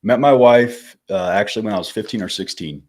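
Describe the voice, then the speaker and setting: Slightly fast and on the low side, a twentysomething man from California tells stories on a podcast in a casual storytelling interview. He's laid-back and slangy, repeatedly calling the host "man" and "bro."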